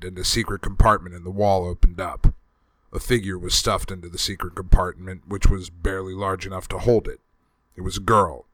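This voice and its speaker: A man reading a novel chapter aloud as a narrator in a steady, measured storytelling manner. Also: sits low, no echo. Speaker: audiobook reader. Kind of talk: scripted narration.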